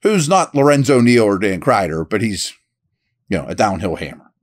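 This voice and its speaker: A man's voice: fairly low pitch, very animated, normal speed. A man hosting a solo football analysis podcast, talking through his roster picks in a casual, conversational way, thinking aloud as he goes. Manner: upbeat read of a sponsor ad. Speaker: podcast host and football scout.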